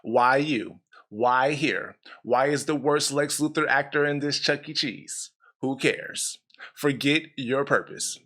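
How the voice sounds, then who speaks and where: Deadpan man hosting a comedy show. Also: medium pitch, takes it slowly. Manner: absurd, rambling, self-mocking asides.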